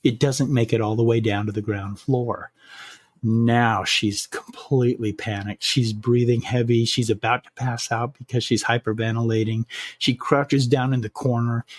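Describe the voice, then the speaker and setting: Husky man telling a spooky story. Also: medium pitch, fairly even intonation, no room sound. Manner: measured, slowing for suspense, some restarts. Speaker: podcast host telling a scary story. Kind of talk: spooky bedtime story narration.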